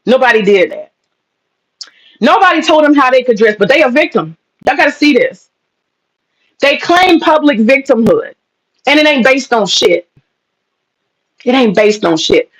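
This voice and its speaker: Brief: high-pitched woman, profane ranting commentary host, rapid rhetorical questions. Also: sing-song, slightly rough, low-quality recording.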